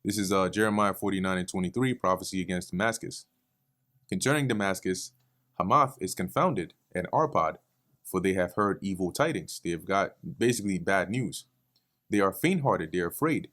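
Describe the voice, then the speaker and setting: A man with a low, deep voice leads a casual verse-by-verse Bible study. He reads scripture aloud, then breaks into relaxed explanations full of "um" and "right?" asides. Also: moderate pace. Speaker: Bible teacher.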